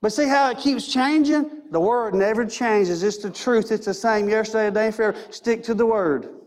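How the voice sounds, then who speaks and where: A man's voice: high-pitched, normal speed, darkish tone. A man preaching a sermon in a church, emphatic and repetitive, with many rhetorical questions. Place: church sanctuary.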